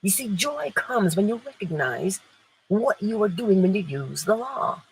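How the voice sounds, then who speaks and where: A woman's voice: medium pitch, big pitch swings, a little slow, gravelly, a little mellow, a little hiss or hum, poor audio. A woman hosting an inspirational morning livestream, playful and emphatic, laughing often and answering viewers in the chat. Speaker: livestream host.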